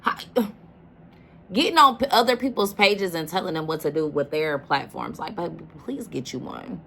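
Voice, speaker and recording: A woman's voice: lowish voice, animated, normal speed, vocal fry, bright, forceful tone, a little hiss or hum. A woman hosting a reaction video, talking casually and emphatically, often addressing the listener as "baby.".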